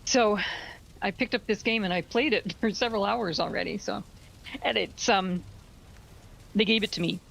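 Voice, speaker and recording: A woman's voice: medium pitch, normal speed, vocal fry, pauses often, a little hiss or hum, rough recording. A woman, a fellow streamer, chatting casually with hesitant, giggly speech. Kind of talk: casual chat.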